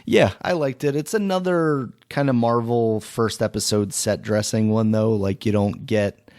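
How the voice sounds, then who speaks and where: A man co-hosting a gaming podcast, chatting casually in a relaxed, steady, explanatory way. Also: on the low side, measured pace. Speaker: podcast co-host. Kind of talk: casual chat.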